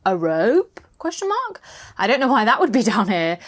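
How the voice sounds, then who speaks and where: A woman's voice: medium pitch, sing-song, moderate pace. Playful woman teasing at a board game. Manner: playful, teasing, hums little tunes. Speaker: co-host. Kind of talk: casual chat while playing a board game.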